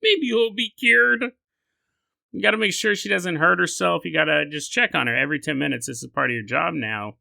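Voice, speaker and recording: A male podcast host telling a story in an animated, joking way, laughing often and acting out voices. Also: fairly high pitch, quick pace, creaky, hardly any pauses, dry recording. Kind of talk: comedic storytelling.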